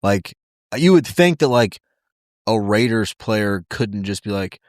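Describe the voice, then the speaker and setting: A man's voice: lowish voice, lively intonation, unhurried, dry recording, clean studio sound. A man co-hosting a casual podcast, blunt and joking, swearing freely. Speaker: podcast co-host. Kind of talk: casual chat.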